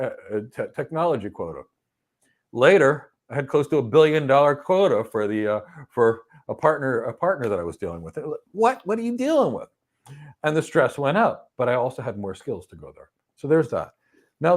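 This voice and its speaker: A middle-aged man hosting a question and answer session, giving career advice and acting out little stories with quoted voices. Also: mid-range voice. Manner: animated storytelling, acts out quoted people. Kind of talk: live Q&A advice talk.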